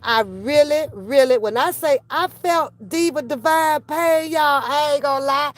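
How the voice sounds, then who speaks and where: A woman's voice: high-pitched, unhurried. A woman hosting a reaction channel, ranting in casual, profane commentary and mimicking the people she talks about. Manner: animated, profane, mimics others.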